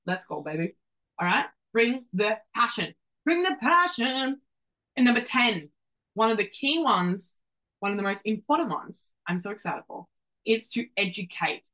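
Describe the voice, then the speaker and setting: A woman's voice: mid-range voice, lively intonation, moderate pace, a bit bright, low-quality recording. A woman in her twenties hosts a solo motivational podcast. She is brash and hypes the listener up. She swears often and keeps calling them babe and doll. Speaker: podcast host.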